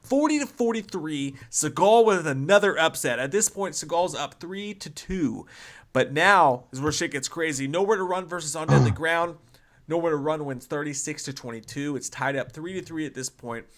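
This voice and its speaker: A man with a fairly high, bright, forceful voice, talking fast and loosely as a podcast co-host. He swears freely and laughs often while gushing about action movies. His tone stays lively and punchy. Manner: excited, profane, often laughing. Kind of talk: casual movie chat on a livestream.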